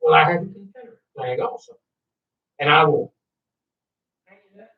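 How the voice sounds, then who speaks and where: Man, interviewee; cursing, worked-up, bragging delivery; high voice; recorded far off in an echoey room, dull sound. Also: moderate pace, gravelly. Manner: profane, agitated, boastful. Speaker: interviewee recounting a UFO encounter. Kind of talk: rambling storytelling to an interviewer.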